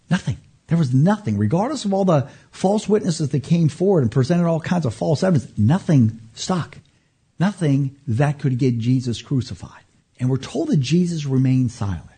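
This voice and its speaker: A man, a pastor, teaching the Bible as an animated storyteller who swings from loud emphasis to hushed near-whispers. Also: mid-range voice, slightly rough.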